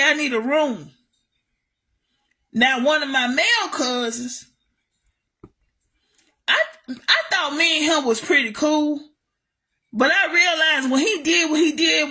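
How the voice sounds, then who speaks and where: Her voice is high-pitched, pushed and bright as this woman vlogger tells an angry family story. She swears freely, repeats herself, and keeps turning to call out her viewers.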